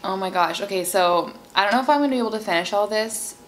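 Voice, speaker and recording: A woman's voice: medium pitch, fast, a little hiss or hum, poor audio. A young woman from Seattle in her twenties, chatting casually and bubbly on her channel while eating cake, with lots of "like" and "um". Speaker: mukbang vlogger.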